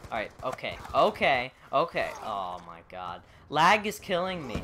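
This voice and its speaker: A teenage boy commentates his own gaming session, exclaiming and complaining about lag. His voice has a bright edge at a middle pitch. A faint hiss with clicks sits behind the recording. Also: big pitch swings, measured pace. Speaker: gaming channel host. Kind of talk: casual gaming banter.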